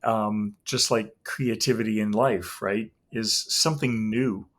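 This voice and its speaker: A middle-aged man talking as the guest in a relaxed interview. He is an animated storyteller and slips in and out of the voices of the people he quotes. His pitch climbs high when he mimics someone. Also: unhurried. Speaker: guest, tarot reader. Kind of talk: casual interview talk, anecdotes.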